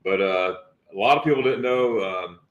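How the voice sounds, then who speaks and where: Low-voiced man telling a story haltingly. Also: roomy sound, muffled recording. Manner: storytelling, halting with many repeats. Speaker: guest. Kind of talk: casual livestream chat.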